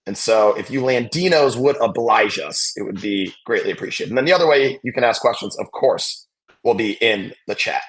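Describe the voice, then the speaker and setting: A man hosting a live basketball watch-along, chatting casually and calling plays with excitement. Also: lowish voice, moderate pace. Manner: chatty, excitable, reacts loudly to big plays.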